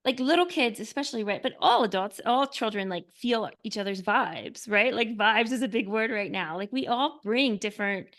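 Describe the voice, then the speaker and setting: A woman author talking earnestly as a podcast guest, often filling with "like" and dropping to a soft hush when describing calm. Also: on the high side, moderate pace, few pauses. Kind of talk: podcast interview.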